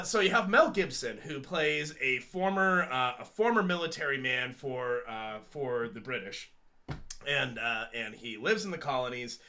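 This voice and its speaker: A man's voice: a little high, a bit bright. A man in his thirties co-hosting a casual chat show, rambling and joking with frequent laughs. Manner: rambling, jokey, laughs often. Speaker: podcast co-host.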